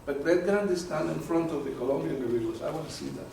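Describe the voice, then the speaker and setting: A man lectures to a small audience, his voice somewhat high for a man and lively, with frequent restarts as he hunts for the right word. He is picked up from a distance, so the sound is very echoey and carries faint room hiss. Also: fast talker, gravelly. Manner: animated, repeats words while searching for terms. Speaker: presenter. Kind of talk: live lecture with audience questions.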